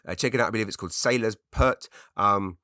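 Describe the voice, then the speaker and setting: A man's voice: fairly low pitch, quick pace, bright, forceful tone, dry recording, studio quality. A middle-aged man from England, hosting his own podcast in a chatty, rambling, self-deprecating way with many restarts. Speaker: podcast host. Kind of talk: rambling solo podcast monologue.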